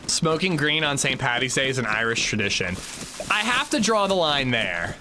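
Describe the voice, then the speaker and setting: A man's voice: mid-range voice, big pitch swings, moderate pace, background noise. A man in his thirties streaming a game, chatting casually and joking with his chat in a rambling way. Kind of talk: casual livestream chat while gaming.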